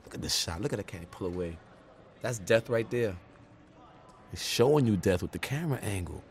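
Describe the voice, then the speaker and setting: A male actor chatting casually while watching a show, reacting in a relaxed and easily amused way. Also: on the low side, brisk. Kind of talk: casual commentary chat.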